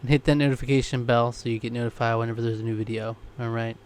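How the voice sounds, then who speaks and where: Male co-host, middle pitch, relaxed and chatty, casual reaction talk. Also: racing, slight background noise. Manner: easygoing, chatty, wraps up the show. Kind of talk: casual chat, reaction commentary.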